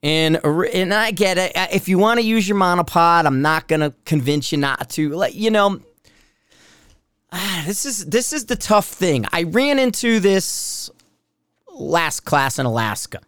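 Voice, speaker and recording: A man's voice: high voice, lively intonation, a little slow, a bit bright, clear, resonant tone, no room sound, clean studio sound. A man hosting a podcast as a shooting instructor, talking in a blunt, rambling, profane way. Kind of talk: casual rambling podcast monologue.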